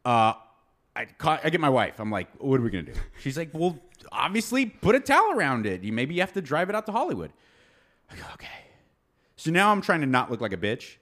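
An animated man telling a story in casual chat, his voice sitting a little high and swinging widely in pitch. He acts out the people he quotes. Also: a little fast. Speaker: podcast co-host telling a story.

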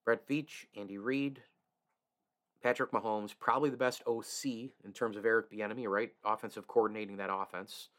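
A man hosts his own sports show in a fairly low voice. He talks in an opinionated, emphatic way. He often stumbles over restarts and chuckles to himself. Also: steady tone, normal speed, a bit bright. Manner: reads host-read ads. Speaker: sports podcast host. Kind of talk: solo sports talk.

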